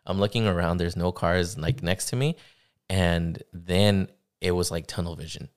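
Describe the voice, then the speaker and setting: A young man with a deep, low-pitched voice talks through a personal story on a podcast. He speaks haltingly, looping through fillers and restarts as he goes. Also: fairly even intonation. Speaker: podcast guest. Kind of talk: casual conversation, personal story.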